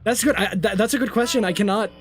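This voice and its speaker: A man's voice: high-pitched, fast talker, a little hiss or hum. A man co-hosting a game stream, playful and laughing along in casual banter. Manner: playful, laughs along, mock-stern bits. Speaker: co-host. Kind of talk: casual gaming stream chat.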